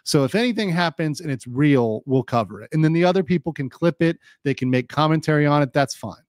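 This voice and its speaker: A man's voice: on the high side, expressive, brisk, dry recording, clean studio sound. A man doing casual live-stream legal commentary, chatty with lots of fillers, reading viewer chat aloud and a little hiccupy. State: has the hiccups.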